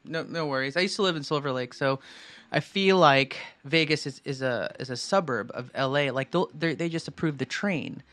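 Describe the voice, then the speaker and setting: A man's voice: on the high side, normal speed, fairly bright tone, no room sound. A man who drums and produces in a band, a podcast guest, talking easily and chattily. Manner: easygoing, chatty. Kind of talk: casual chat.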